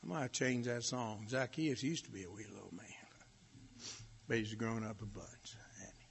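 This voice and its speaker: A male preacher telling a folksy story in his sermon, with animated swells in volume. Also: lowish voice, moderate pace, creaky, breathy edge. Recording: long hall reverb.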